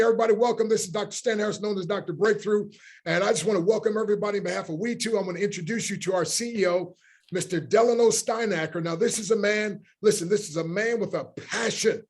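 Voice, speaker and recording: A man hosting a live online call, welcoming a long list of attendees by name with excited, effusive energy before introducing the next speaker. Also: high-pitched, fast, breathy edge. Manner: enthusiastic, effusive greeting of many names. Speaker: host.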